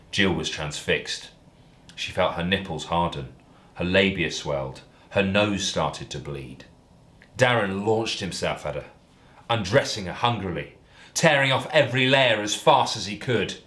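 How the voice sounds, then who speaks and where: A male comedian reads a parody story aloud with deadpan, mock-earnest delivery. His voice sits low but moves a lot, rising and falling for comic effect. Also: unhurried.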